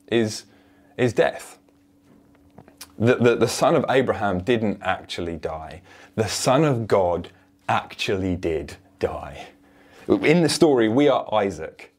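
Male preacher, lower pitch, earnest, emphatic sermon delivery. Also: darkish tone.

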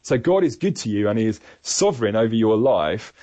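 A man giving a sermon-style Bible teaching in an earnest, measured, reflective way. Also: lowish voice, animated, mellow, no echo. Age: adult parent. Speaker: preacher.

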